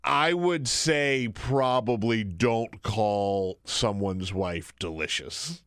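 A man's voice: on the low side, slow, fairly bright tone, clean tone, no room sound, clean studio sound. A man filling in as the host of a radio talk show, chatting casually and laughing often.

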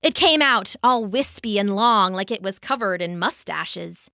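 A woman gently narrating a children's bedtime story with expressive delivery. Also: fairly high pitch, a little slow, few pauses, no room sound, studio quality.

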